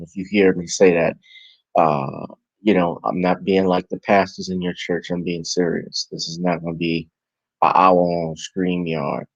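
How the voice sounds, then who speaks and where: A man's voice: deep voice, a little slow, no room sound, lo-fi sound. A tired man with a New Orleans accent, talking casually on his live stream as a vlogger and podcast host, rambling and correcting himself. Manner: rambling, relaxed, self-correcting. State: tired and yawning.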